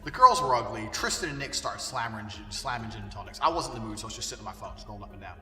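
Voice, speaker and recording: A man rants bluntly and profanely, his bright, lively voice rising and falling with force. He sits well back from the mic in a reverberant room, with faint music underneath. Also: fairly low pitch, very fast, far from the mic. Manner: forceful, swinging between loud and quiet. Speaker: commentator on culture. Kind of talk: ranting monologue.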